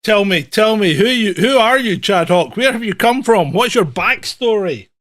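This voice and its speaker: A man's voice: sits high, lively intonation, normal speed, fairly bright tone. A man hosting a comedic livestream, teasing his co-host and laughing often. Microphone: webcam livestream.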